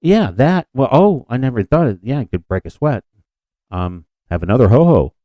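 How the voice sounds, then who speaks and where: A man's voice: medium pitch, very animated, moderate pace, mellow, no room sound. A man co-hosting a podcast in casual chat, rambling and self-deprecating with frequent restarts. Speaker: podcast co-host.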